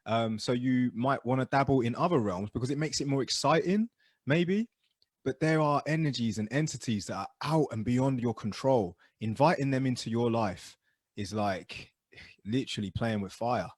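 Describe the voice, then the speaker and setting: A man's voice: moderate pace, no echo. Man, podcast co-host, casual storytelling, dry close sound. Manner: animated storyteller, drops low and quiet for asides.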